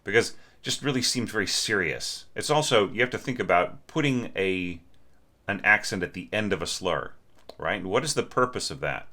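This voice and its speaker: A man's voice: fairly low pitch, expressive, moderate pace, pushed and bright. A middle-aged man teaching orchestration, talking through a student's score and humming the phrases he means. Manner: sings phrases to illustrate, thinks aloud with restarts. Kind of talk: spoken critique of a score.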